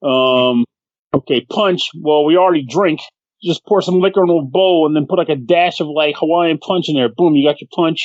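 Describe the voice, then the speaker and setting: Swearing, animated male podcast storyteller. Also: fairly high pitch, normal speed, dry recording, dull audio. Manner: animated storyteller, swears freely, acts out the people he quotes. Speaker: podcast co-host. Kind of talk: casual chat.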